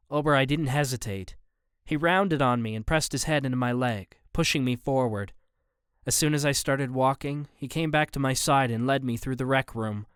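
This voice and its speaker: A man narrating a first-person audiobook in a measured, even storytelling manner. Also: medium pitch, smooth, no room sound, clean studio sound.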